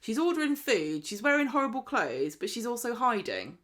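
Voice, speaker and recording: A woman co-hosting a podcast, chatting casually and acting out characters in quick mocking voices. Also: on the high side. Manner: lively, mocks characters in put-on voices. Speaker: podcast co-host. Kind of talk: casual chat recapping a soap.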